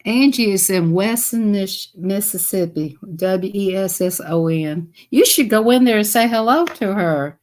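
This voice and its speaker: A woman's voice: medium pitch, animated, a little slow, few pauses, a little mellow. A woman with a Southern US accent chatting casually on a live stream, telling stories to her viewers and laughing often.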